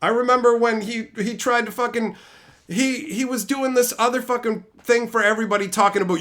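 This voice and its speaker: A man's voice: very high-pitched, a little fast. A man hosting a stream, casually ranting and telling profane stories about old jobs. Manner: profane, animated, mimics coworkers in quotes. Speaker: streamer host. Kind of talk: casual storytelling rant.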